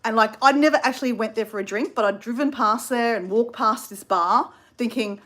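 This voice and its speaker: A woman's voice: a little high, brisk, a bit bright. An Australian woman in her fifties telling a travel story in a chatty way, full of asides to viewers. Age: 50s.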